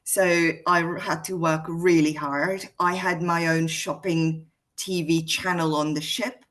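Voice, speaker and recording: A woman's voice: lowish voice, fairly even intonation, unhurried, a bit bright. A woman from Hungary with a British accent touched by South African vowels, telling her story in a chatty way with frequent ums. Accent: Hungarian-born, mixed British and South African. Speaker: guest speaker. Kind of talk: casual conversation on a video call.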